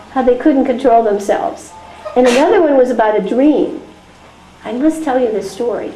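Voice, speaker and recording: Lady teacher chatting through a lesson, high voice, roomy echo, faint hiss behind. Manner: animated, chatty storytelling. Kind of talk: teacher training lecture with storytelling. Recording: echoey room with faint noise.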